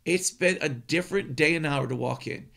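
A man's voice: a little high, moderate pace, creaky, fairly bright tone. A male preacher giving an earnest sermon, emphatic and often repeating words as he speaks.

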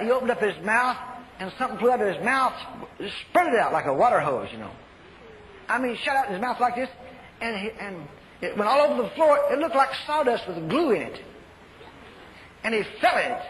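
An older man preaching a sermon, telling folksy stories and shouting commands. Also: sits high. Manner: folksy storytelling, shouts commands, repeats phrases. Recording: echoey hall, faint noise.

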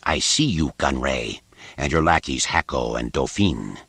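A man voicing a dry, rasping dark lord. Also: very deep voice, animated, unhurried, no echo, pitched below the performer's own voice, full character voice. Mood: menacing. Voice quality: dry rasp. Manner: cold, expects instant obedience. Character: stooped hooded male Sith lord, commanding. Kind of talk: audiobook character voice.

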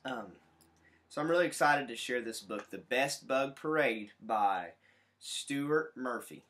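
Animated man reading a picture book. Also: medium pitch, measured pace. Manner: animated, explaining, pointing out pictures. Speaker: teacher.

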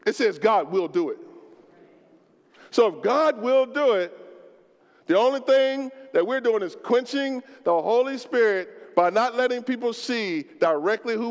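A pastor with a high-pitched voice preaches passionately to his congregation, climbing to near-shouts and dropping to low, slow asides. He talks plainly and colloquially, acting out prayers as if speaking to God. His voice rings with the long reverb of a church hall. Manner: colloquial, acts out prayers in first person. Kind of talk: sermon. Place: church sanctuary.

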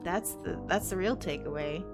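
A woman's voice: lowish voice, moderate pace. A woman streamer making casual, joking commentary while playing a game. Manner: joking asides, laughs. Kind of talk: casual let's-play commentary. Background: game soundtrack music.

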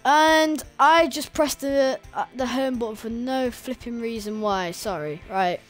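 A woman reacting excitedly to a football game she is playing, talking straight at the screen. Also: a little high, a little slow, soft background music. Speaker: gamer. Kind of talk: live gameplay commentary.

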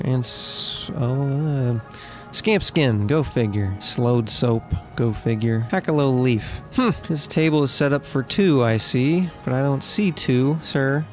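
A man giving comedic gameplay commentary in a mock-officious, indignant inspector tone with exasperated outbursts. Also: mid-range voice. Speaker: gaming video host.

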